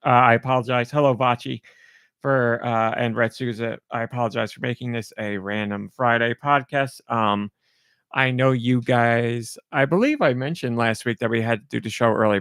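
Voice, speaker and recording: A man's voice: mid-range voice, brisk, a bit bright, clear, resonant tone, dry recording. A middle-aged man hosting a podcast alone, chatting casually in a rambling, self-deprecating way into a close mic. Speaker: podcast host. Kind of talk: casual solo podcast chat.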